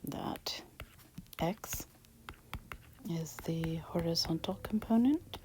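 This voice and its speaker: A woman teaching a math lesson, talking softly and half-whispered with a breathy voice while she writes. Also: on the low side, expressive, slow, a little hiss or hum, poor audio. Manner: soft, half-whispered explaining while writing. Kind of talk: recorded math lecture.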